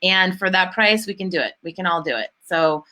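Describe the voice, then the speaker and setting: Bright-voiced chatty woman host. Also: fairly low pitch, a little fast. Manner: chatty, many fillers, enthusiastic. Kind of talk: casual spiritual-business chat.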